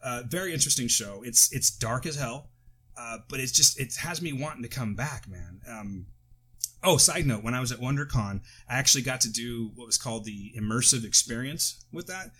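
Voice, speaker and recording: An American man talking close into a podcast microphone. He rambles and drifts into side stories, cutting himself off mid-thought, with a middling pitch. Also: normal speed, sharp tone, slightly rough. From United States. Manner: rambling, tangent-prone, self-interrupting. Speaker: podcast co-host. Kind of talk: casual chat. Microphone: close podcast mic.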